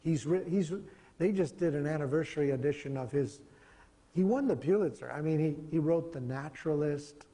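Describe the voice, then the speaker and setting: A middle-aged man lecturing a class in a relaxed, digressive way, his voice gravelly and mellow. He sits a little high in pitch for a man. The sound carries a long reverb from the lecture hall. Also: moderate pace. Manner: conversational, digressive, chuckling.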